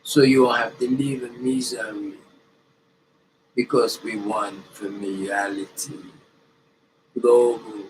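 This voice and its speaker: Man, slow erratic motivational talk, distant noisy recording. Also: lowish voice, steady tone. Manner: erratic, swings from mumbled to loud bursts of chanted commands. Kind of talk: improvised motivational self-help talk. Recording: distant mic with noisy ambience.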